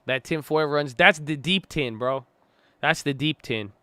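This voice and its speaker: A man giving casual live commentary on the stock market, excitable and easily startled, joking about conspiracy theories. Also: a little high, unhurried, no room sound. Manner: excitable, jumpy, laughs when startled. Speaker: market livestreamer.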